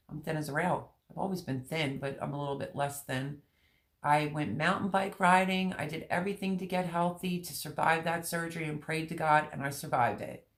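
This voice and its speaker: Low-voiced woman talking candidly. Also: fairly bright tone. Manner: candid, emotional, rambling with many pauses. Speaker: gardening channel host. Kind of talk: personal vlog chat with live viewers.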